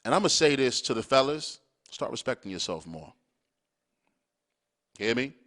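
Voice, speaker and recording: A very animated man with a mid-range, fairly bright voice, speaking at normal speed, rants on his podcast. The opinionated monologue is blunt and profane, and he stresses his points emphatically with repeated "all right?" check-ins.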